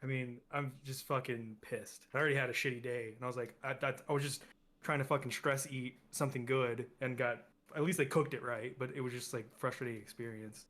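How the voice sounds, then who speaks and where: A man's voice: medium pitch, steady tone, a bit bright. A young man co-hosting a casual podcast chat, ranting with exasperation and speeding up as he gets heated. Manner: ranting, exasperated, fast bursts when heated. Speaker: podcast co-host.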